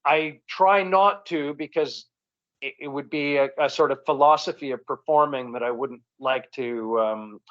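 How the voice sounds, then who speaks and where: Canadian comedian, rambling and relaxed. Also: male voice, mid-range voice, measured pace. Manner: rambling, relaxed, frequent restarts. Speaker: comedian, guest. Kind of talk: casual interview chat. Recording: dull lo-fi recording.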